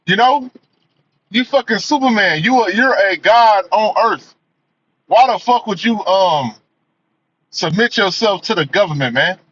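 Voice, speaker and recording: Man, high voice, heated profane rant, repeats himself, muffled lo-fi sound. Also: expressive, measured pace, pauses often, a bit bright, husky. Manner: emphatic, profane, repeats "man" and "you know". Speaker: movie reviewer. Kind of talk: ranting commentary. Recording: dull lo-fi audio.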